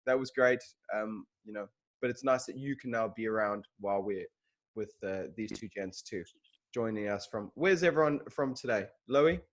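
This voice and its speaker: A man's voice: on the low side, moderate pace. A man hosting a casual video-call interview, chatty and full of jokes. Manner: joking, chatty banter. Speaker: interview host.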